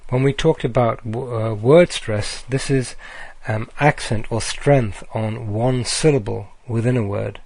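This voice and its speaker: A man giving a recorded slide lecture, speaking deliberately with frequent ums and uhs. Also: medium pitch, vocal fry, darkish tone, no room sound.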